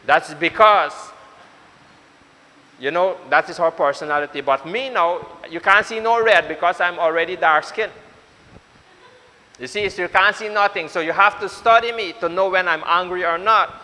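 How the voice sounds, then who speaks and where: A male pastor preaches to his congregation, his bright, high voice ringing through a church hall with long reverb. He drives his point home with insistent repetition and speaks straight to his listeners. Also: normal speed. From Suriname. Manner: repetitive, exhorting, addresses congregation directly. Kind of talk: sermon.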